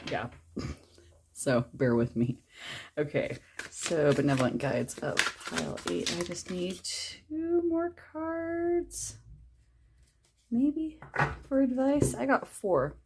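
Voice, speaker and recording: A woman's voice: a bass voice, warm tone, a little hiss or hum. A woman giving a casual, chatty tarot reading, rambling as she lays out cards. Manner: chatty, rambling, drops to a whisper at times. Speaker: tarot reader.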